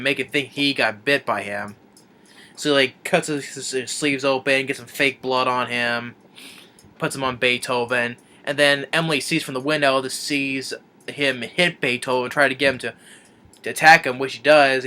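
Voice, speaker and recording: A man's voice: mid-range voice, bright, forceful tone. A man reviewing a film, retelling the plot in a rambling, casual way with many restarts and chuckles.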